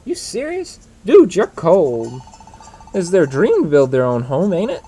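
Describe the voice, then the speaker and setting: A man's voice: fairly high pitch, wildly swooping pitch, unhurried, mellow, slight background noise, voice pushed up. A man voicing a young male hero Pokémon who is outraged and emotional, exclaiming shrilly.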